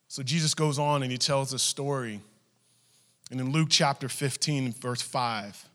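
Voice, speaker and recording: Animated preacher in a reverberant church. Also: male voice, medium pitch, unhurried. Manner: animated, acts out family members' voices. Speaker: pastor. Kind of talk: storytelling sermon.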